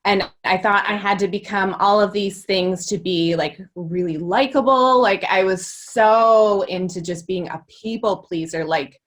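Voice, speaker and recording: A woman's voice: mid-range voice, a little slow, few pauses. A woman in her thirties, a guest on a podcast, talking casually and chattily with lots of filler words. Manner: chatty, uses many fillers like "like". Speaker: podcast guest, former boutique owner. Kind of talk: casual interview conversation.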